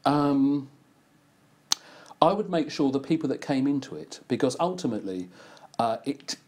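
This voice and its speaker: A man's voice: mid-range voice, expressive, moderate pace, darkish tone. An older man who works as an advertising writer and producer, chatting casually and acting out quoted exchanges in his stories. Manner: anecdotal, acts out quoted exchanges. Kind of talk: casual conversation.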